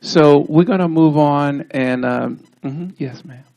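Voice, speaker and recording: Gravelly man telling stories at a ceremony. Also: on the high side, slow pace, darkish tone. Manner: laid-back, drawling storyteller with asides. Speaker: honoree giving a speech. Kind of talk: casual storytelling speech. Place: outdoor street ceremony.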